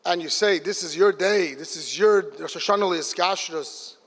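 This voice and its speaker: A man telling an animated story at a religious gathering, acting out the dialogue of the people in it. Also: sits high, moderate pace. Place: large hall. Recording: live hall with long reverb.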